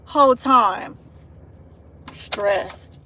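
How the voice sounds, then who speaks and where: A vlogger in her thirties speaks extremely slowly at a medium pitch, delivering a casual, heartfelt monologue into a handheld phone as she walks into a store. She rambles earnestly and emotionally with restarts, and loud traffic noise fills the phone recording.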